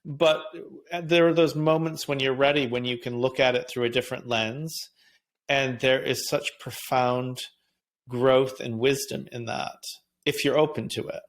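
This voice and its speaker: A man who teaches yoga, talking in a thoughtful, measured way in a reflective spiritual conversation. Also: medium pitch, steady tone. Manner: thoughtful and measured, with soft laughs.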